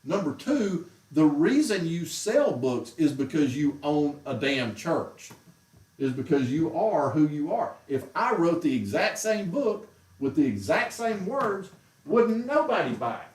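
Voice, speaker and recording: A man's voice: on the high side, sing-song, a little slow, darkish tone. Ranting man, echoey room. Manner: heated, exasperated ranting. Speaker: show host. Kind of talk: casual rant on a livestream. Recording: roomy echo, mic far off.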